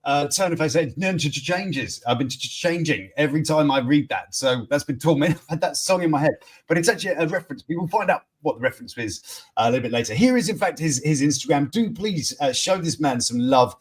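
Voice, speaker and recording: A man's voice: fairly high pitch, animated, quick pace, slightly rough. A man hosting a casual news stream, rambling with many fillers and restarts. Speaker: host. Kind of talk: casual live-stream chat.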